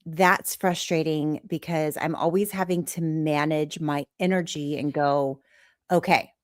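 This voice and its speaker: A woman's voice: fairly low pitch, a little mellow, no room sound, clean studio sound. A woman hosting a podcast, guiding the talk in an encouraging, supportive way. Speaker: podcast host. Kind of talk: candid podcast conversation.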